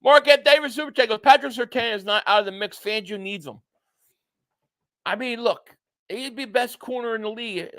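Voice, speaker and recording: Man, young adult, sports livestream host, excitable, rambling, fairly high voice, dry close sound. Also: moderate pace, dry recording. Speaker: sports streamer. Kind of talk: casual livestream chat.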